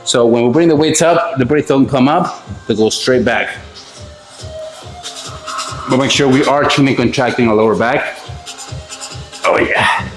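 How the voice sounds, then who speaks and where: A middle-aged man leads a back workout, out of breath and cursing casually between his instructions. His voice sits at an ordinary pitch and echoes around the room. Faint music plays in the background. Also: normal speed, pauses often. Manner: swears casually, talks between sets. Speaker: fitness coach.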